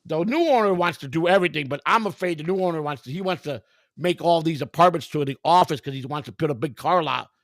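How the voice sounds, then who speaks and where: High, gravelly man telling a story. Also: fast, no echo, clean studio sound. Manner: animated storytelling, heavy swearing, mimics a pleading neighbor. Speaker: stream host. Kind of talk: casual profane chat on a video call. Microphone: video call.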